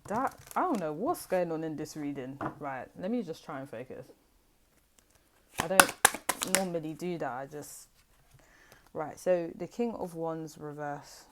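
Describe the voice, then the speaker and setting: A woman's voice: sits low, expressive, unhurried, heavy background noise. A young woman giving a tarot reading in a chatty, slangy, rambling way. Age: young adult. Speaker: tarot reader. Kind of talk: casual tarot reading to camera.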